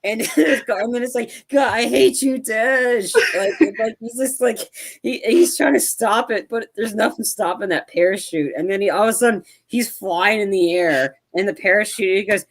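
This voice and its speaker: Co-hosting a podcast, a man with a high-sitting, brisk voice chats casually about a film. He rambles, restarts often, and acts out lines from scenes in animated bursts, as if reviewing the movie with friends.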